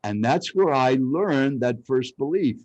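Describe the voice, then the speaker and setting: A man's voice: medium pitch, unhurried, no room sound, dull audio. An older man, a speech coach, telling dramatic personal stories as an interview guest. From Arizona, United States. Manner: animated, dramatic storyteller. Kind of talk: storytelling interview.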